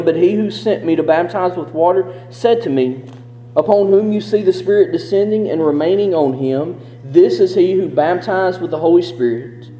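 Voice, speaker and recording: A man preaching a sermon, reading scripture and explaining it in an earnest, emphatic way, slowing down on key verses. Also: high voice, dark tone, slight background noise. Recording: echoey hall with long reverb.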